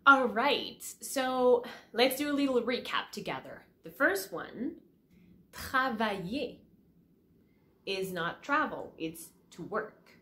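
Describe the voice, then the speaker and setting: A woman teaching pronunciation, repeating each word slowly and checking in with "all right?" after each point. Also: fairly high pitch, sing-song, pushed and bright. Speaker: French teacher. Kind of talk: pronunciation lesson to camera.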